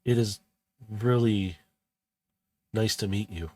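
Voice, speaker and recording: A man's voice: fairly low pitch, slow pace, mellow, dry recording. A man voicing an earnest, kind young woman in a tabletop role-play game, rambling and eager to help.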